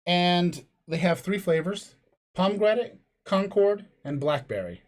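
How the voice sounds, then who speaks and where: A man's voice: high-pitched, expressive, measured pace. A man co-hosting a podcast, rambling through crude jokes in casual chat. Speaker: podcast co-host.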